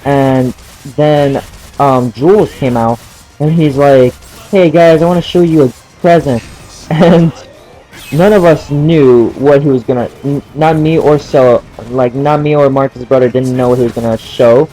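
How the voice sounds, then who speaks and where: A man's voice: medium pitch, fairly even intonation, unhurried, mellow, low-quality recording. A young man in casual gameplay commentary, telling a story while playing, laughing often and swearing at the game. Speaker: gaming channel host.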